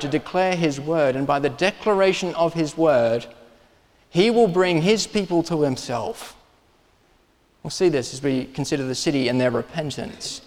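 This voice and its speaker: A man preaching a sermon in a church, earnest and emphatic, with pauses and restarts. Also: fairly high pitch, big-room sound. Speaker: pastor.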